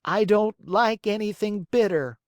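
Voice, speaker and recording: A man voicing a whining, stubborn boy marionette with a petulant, shrill manner in an audiobook. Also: measured pace, no room sound, clean studio sound. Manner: whiny, petulant, shrill outbursts. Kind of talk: audiobook character voice.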